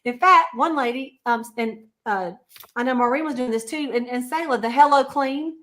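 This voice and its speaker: A woman's voice: high-pitched, normal speed, fairly bright tone. Chatty woman telling sales stories. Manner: chatty, storytelling, laughs often. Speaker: sales consultant. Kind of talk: casual livestream chat.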